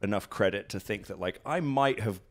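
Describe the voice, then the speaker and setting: Low-voiced british guy telling stories at home, lots of "like"s and restarts, acts out quotes. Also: a little fast. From Britain. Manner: rambling, many fillers and restarts, acts out quotes. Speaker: guest, professional wrestler. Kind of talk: casual interview storytelling. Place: at his house.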